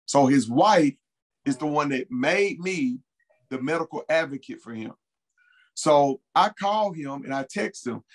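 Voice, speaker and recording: An interview guest, a man with a fairly high voice, recounts events in loose, casual speech. He is earnest and emphatic and often repeats his key points. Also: animated, unhurried, poor audio. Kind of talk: casual conversational storytelling.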